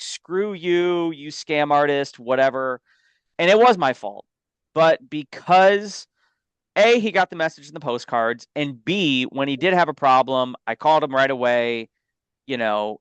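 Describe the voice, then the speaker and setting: A man speaks with emphasis in a casual business podcast, weaving stories and asides. His voice is smooth and clear at a middle pitch. The recording is dry and close, with no room sound. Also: fairly bright tone, no echo. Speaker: life insurance agent and co-host.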